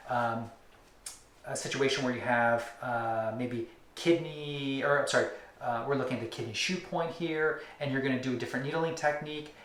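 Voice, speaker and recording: Man demonstrating with rhythmic, drawn-out emphasis. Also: medium pitch, fairly bright tone, reverberant. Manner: rhythmic, drawn-out emphasis, drops to near-whispers on repeated words. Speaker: acupuncture teacher. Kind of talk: instructional demonstration.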